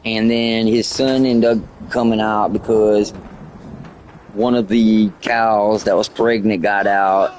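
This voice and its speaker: A man on a live game stream, casually telling a story in a profane, excitable way. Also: on the low side, takes it slowly, a little hiss or hum. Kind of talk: casual storytelling while gaming.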